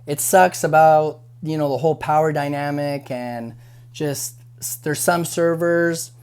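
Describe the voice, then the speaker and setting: A man's voice: on the high side, darkish tone. A young man working as a restaurant busser, giving frank, conversational advice to camera with many fillers and restarts. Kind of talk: casual advice monologue.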